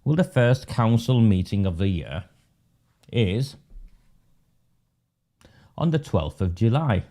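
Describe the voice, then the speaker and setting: A man's voice: lowish voice, big pitch swings, slow pace, mellow. A man hosting a live webinar, delivering sarcastic, mocking commentary. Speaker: webinar host and political campaigner.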